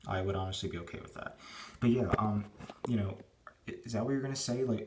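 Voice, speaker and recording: A man's voice: on the low side, quick pace, darkish tone, slight background noise. A man in his twenties ranting at home, crude and rambling, full of fillers, keeping his voice down early in the morning. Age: 20s. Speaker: vlogger. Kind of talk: rambling rant to camera. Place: at home indoors.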